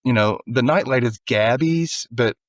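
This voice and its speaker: A man's voice: medium pitch, measured pace, no echo, muffled recording. A man co-hosting a podcast, casually recapping an episode and acting out the characters' lines. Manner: animated, acts out characters' lines. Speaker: podcast co-host.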